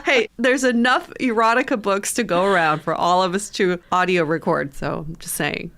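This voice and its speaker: A woman's voice: lowish voice, normal speed, a bit bright. A woman co-hosting a dating podcast in casual chat, playful and laughing often. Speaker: podcast co-host.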